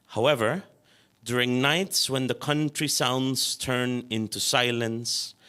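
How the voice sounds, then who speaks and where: Slow-reading man. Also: lowish voice, sharp tone, clean tone. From Chile. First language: Spanish. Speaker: author. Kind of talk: reading his own fiction aloud.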